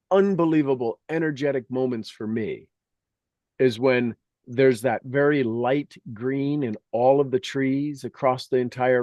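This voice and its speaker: A man's voice: mid-range voice, a little mellow, no echo, muffled recording. A middle-aged man telling rambling, enthusiastic stories as the host of a spoken meditation. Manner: earnest, enthusiastic, rambling storytelling.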